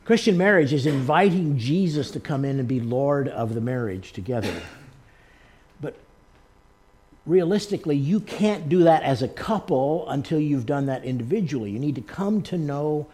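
A man's voice: a little high, lively intonation, normal speed, a little mellow, slight background noise. A man preaching a sermon, telling personal stories in an earnest way. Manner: earnest storytelling, acting out the people he quotes. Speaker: pastor.

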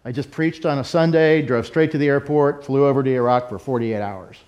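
A man's voice: mid-range voice, a little fast, darkish tone, highs cut off. A middle-aged man preaching a sermon in a candid, self-deprecating, conversational way. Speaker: pastor. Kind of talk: sermon with personal story.

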